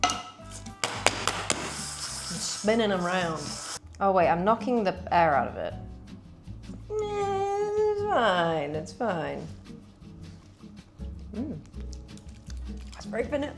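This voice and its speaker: A woman's voice: lowish voice, big pitch swings, slow pace, pauses often, over music. A woman chatting casually to viewers as she bakes in a cooking vlog. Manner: chatty, talks to viewers while working. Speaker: cooking vlogger.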